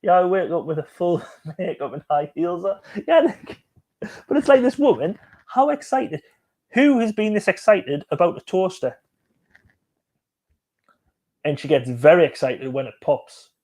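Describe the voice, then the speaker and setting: A man's voice: sits high, sing-song, measured pace, pauses often, darkish tone. A man hosting a casual live stream, joking and chatting as he reacts to music videos and reads out viewer comments.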